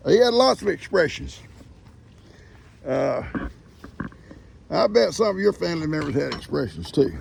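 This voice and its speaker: An older man, chatting as a farm vlogger outdoors on his farm, folksy and quick to chuckle. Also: a little high, sing-song, a little mellow, slight background noise. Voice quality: gravelly. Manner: folksy storyteller, chuckles often. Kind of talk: casual rambling chat.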